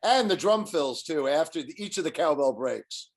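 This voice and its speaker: A man chatting casually as a guest, excited and repeating words as he starts his sentences. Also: fairly high pitch, moderate pace. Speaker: guest musician. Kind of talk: casual chat.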